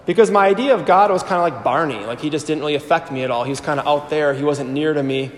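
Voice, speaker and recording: Lively priest telling his story in an echoey hall. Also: a little high, fast talker. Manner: lively storyteller who acts out quoted voices. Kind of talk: personal testimony told to a live audience. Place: large hall before an audience. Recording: echoey hall with long reverb.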